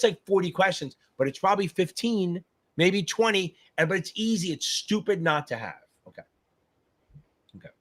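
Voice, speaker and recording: A man hosting a live exam-prep Q&A stream, chatting casually, swearing freely, hyping up viewers and thinking aloud as he reads comments. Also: high voice. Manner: animated, profane, hypes up viewers; scattered, thinks aloud while reading comments. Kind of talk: casual livestream chat.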